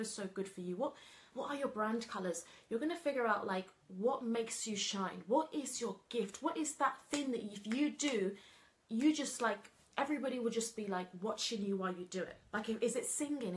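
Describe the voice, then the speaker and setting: A woman running an online coaching program, talking to viewers in a chatty, lively live stream, full of "like" and "you know.". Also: fairly high pitch. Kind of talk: casual live stream talk.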